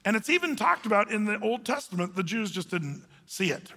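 Male pastor, folksy conversational sermon, high bright voice, long hall reverb. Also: very animated, a little fast. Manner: folksy, conversational preaching with colloquial words. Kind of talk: sermon, verse-by-verse Bible teaching.

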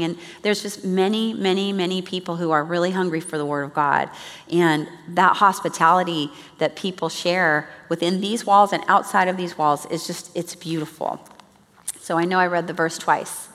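Lowish woman teaching in an echoing hall. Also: a bit bright. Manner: earnest, chatty, emphatic. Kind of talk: church teaching talk. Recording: long reverb of a large hall.

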